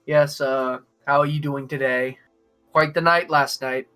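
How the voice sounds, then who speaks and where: A man voicing a polite male goblin innkeeper who talks haltingly, full of fillers. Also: a little high, steady tone, sharp tone, faint music behind.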